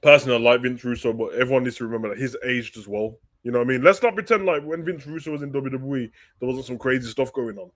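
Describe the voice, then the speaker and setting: A man hosting a live wrestling talk stream, reading viewer questions aloud and answering them in loose, slangy, animated chat. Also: medium pitch, fast talker, few pauses. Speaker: wrestling talk show host.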